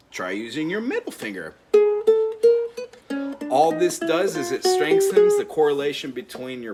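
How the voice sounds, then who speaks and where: A man gives a friendly ukulele lesson and counts the beats aloud. Loud ukulele playing sits under his voice the whole time, and his pitch stays middling. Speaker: music teacher. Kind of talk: instrument lesson.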